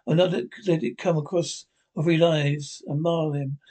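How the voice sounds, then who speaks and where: A man's voice: fairly high pitch, level tone, moderate pace, mellow, lightly acted. A man reading as an earnest painter. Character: earnest grown male painter, devoted to his art.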